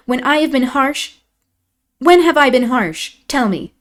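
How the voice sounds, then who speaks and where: A woman reading aloud, voicing a proud, sharp-tongued young lady of the house in a raised, emphatic voice. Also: high-pitched, expressive, a little slow, pitched above the performer's own voice. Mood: scornful. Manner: scornful, emphatic.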